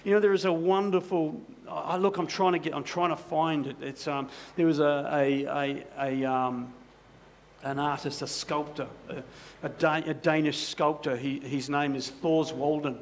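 A male pastor delivers a sermon in a chatty storytelling manner, tossing in frequent asides to the congregation. His voice sits a little high for a man and carries a gravelly texture, with a faint hiss underneath. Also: steady tone, normal speed. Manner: conversational, many "you know" asides.

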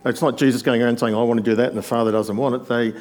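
Male preacher, mid-range voice, methodical teaching sermon with soft asides. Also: medium pitch, steady tone, racing. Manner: explanatory, numbered points, often drops to a quiet aside.

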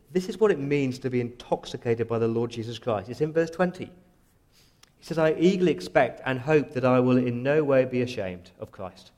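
A man's voice: medium pitch, a little mellow. Earnest male pastor preaching. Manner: earnest, voices Paul's prayers in first person. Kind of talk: sermon.

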